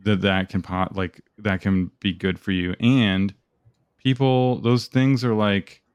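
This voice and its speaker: Young dude, super low voice, rambly and sweary, dry close sound. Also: male voice, steady tone, takes it slowly, clear, resonant tone, no echo. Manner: rambling, profane storytelling with lots of fillers. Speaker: podcast co-host. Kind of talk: casual chat.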